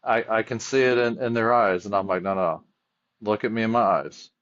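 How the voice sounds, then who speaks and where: This firefighter and chaplain speaks earnestly in a relaxed podcast conversation, often restarting sentences as he tells stories. His voice is lowish, slightly fast, and fairly bright, captured in dull lo-fi audio.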